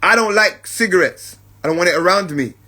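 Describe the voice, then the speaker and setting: A man with a husky, slightly high voice hosts a reflective spiritual podcast. He talks unhurriedly and repeats his points for emphasis. He keeps asking his listeners, whom he calls family, whether they follow him. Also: a little fast, pushed and bright. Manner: keeps checking in with listeners, addresses them as family. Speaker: podcast host.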